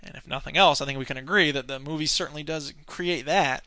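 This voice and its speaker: A man teaching a film class, talking off the cuff and often pausing with fillers as he searches his notes. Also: a little high, bright, forceful tone, no room sound. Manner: hesitant, many fillers, searching through notes. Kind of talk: unscripted film commentary lecture.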